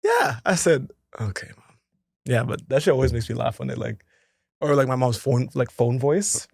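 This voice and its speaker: A man's voice: medium pitch, animated, normal speed, gravelly, darkish tone, dry recording, studio quality. A man co-hosting a casual podcast chat, slangy and laid-back, laughing often. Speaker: podcast co-host.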